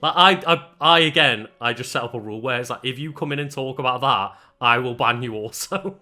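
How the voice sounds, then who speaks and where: Bright-voiced hesitant man playing a game. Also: medium pitch, fairly quick, soft background music. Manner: hesitant, full of fillers and restarts. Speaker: let's play co-host. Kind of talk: casual gameplay commentary.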